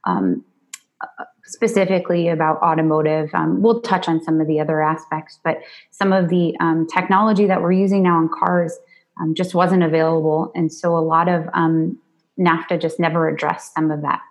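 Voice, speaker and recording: A woman guest on a podcast, an attorney, with a notably deep voice for a woman. She answers in a measured, deliberate way, filling her pauses with frequent "um"s. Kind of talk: interview answers.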